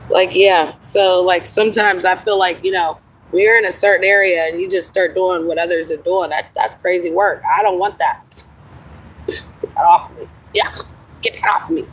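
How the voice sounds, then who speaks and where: A woman's voice: on the low side, a bit bright, far from the mic, poor audio. A middle-aged woman chatting casually on a livestream, rambling and laughing often, calling listeners honey. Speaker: livestream host.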